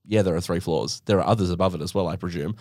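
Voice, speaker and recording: A podcast host delivers a casual comedic storytelling monologue, rambling through tales full of asides and self-mocking jokes. His voice is low, quick and a little mellow, captured with studio quality and no room sound.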